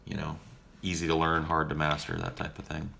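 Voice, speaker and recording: Young male streamer, laid-back and foul-mouthed Q&A, with a bright, edgy tone and faint background noise. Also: extremely low pitch, monotone, fairly quick, creaky. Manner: profane, joking and laid-back. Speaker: streamer answering viewer questions. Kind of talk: casual livestream Q&A.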